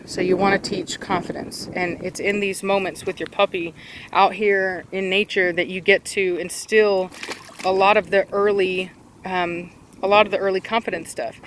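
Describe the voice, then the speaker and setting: A mid-pitched dog trainer explains puppy training in a relaxed, chatty way, pausing on fillers and restarting sentences. It is recorded outdoors beside water. Engine rumble and water sounds come through clearly. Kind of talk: casual outdoor training vlog.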